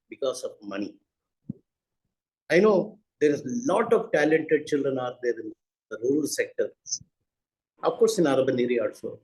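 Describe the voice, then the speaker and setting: A man's voice: mid-range voice, darkish tone, poor audio. An older man, giving a webinar talk as a university founder, earnestly repeating phrases for emphasis. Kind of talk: speech at a webinar.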